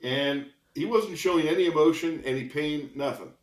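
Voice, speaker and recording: A slightly high male voice at normal speed belongs to a sixty-something ex-police officer. Interviewed on a podcast, he tells lively stories and keeps chuckling as he goes, and the space sounds roomy and echoing.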